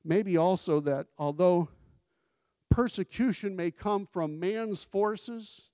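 A man preaching a sermon with a somewhat high voice. He talks in a conversational way, turns questions to the congregation, and leans into scripture quotes. The sound is dry and close. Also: slow pace, mellow, no room sound. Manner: acts out scripture quotes with emphasis. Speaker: pastor.

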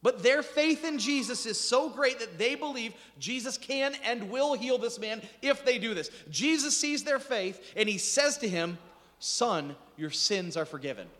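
A man preaching a sermon in a church, animated and joking as he acts out scripture quotes. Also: extremely high pitch, normal speed, few pauses. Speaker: pastor. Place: church sanctuary. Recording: reverberant hall.

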